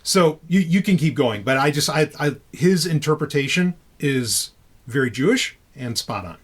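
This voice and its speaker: A man's voice: on the high side, animated, normal speed, breathy edge. A man hosting a podcast in loose, casual chat, talking freely with frequent restarts and casual swearing. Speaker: podcast host.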